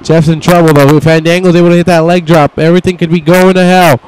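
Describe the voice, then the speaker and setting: A young man calls a wrestling video game match like a play-by-play announcer, in a smooth, clear voice pitched a touch high. He talks casually, swears freely and drops into little asides that voice what the wrestlers are thinking. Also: little pitch movement, fast talker, a little mellow, low-quality recording. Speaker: gameplay commentator.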